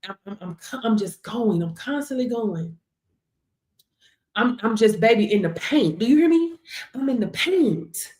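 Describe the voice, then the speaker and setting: A woman hosting a live stream, giving a motivational faith talk from home, animated and preachy, laughing often and calling listeners baby. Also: mid-range voice, a little slow, echoey room. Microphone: device camera.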